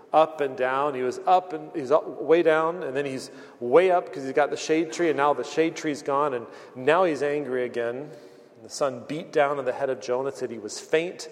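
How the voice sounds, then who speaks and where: A man preaching a sermon as pastor, earnest, acting out the voices he quotes and often restarting his words. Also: mid-range voice. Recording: long hall reverb.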